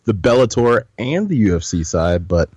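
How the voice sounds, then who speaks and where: A man's voice: on the low side, sing-song, normal speed, a little mellow, husky, dry recording, studio quality. A man co-hosting a podcast, chatting playfully and joking in a put-on folksy drawl. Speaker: podcast co-host. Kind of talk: casual podcast chat.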